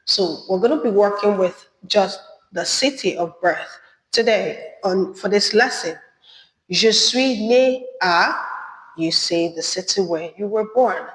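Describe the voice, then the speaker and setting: A woman teaching a beginner French lesson, saying each phrase slowly and then repeating it. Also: mid-range voice. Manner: slow, careful repetition of phrases. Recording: echoey room with long reverb.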